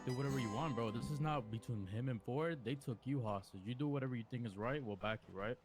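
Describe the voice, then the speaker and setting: A man's voice: medium pitch, fast, over music. A man talking in character during a roleplay game. He speaks assertively and reassures his friend. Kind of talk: casual in-character talk.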